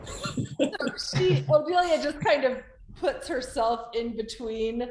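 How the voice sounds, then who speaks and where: A woman's voice: sits high, expressive, slow, a little mellow. A woman player in a tabletop game, talking casually and a bit hesitantly.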